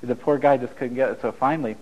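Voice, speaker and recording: A man's voice: mid-range voice, steady tone, fast talker, highs cut off. A man giving a blunt, storytelling talk to a live audience, acting out dialogue as he goes, over a radio broadcast. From United States. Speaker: relationship speaker.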